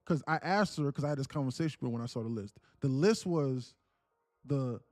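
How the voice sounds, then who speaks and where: A man's voice: mid-range voice, a little fast, a little mellow, dry recording. A man hosting a trading livestream, telling a personal story casually, emphatic and repetitive with many restarts.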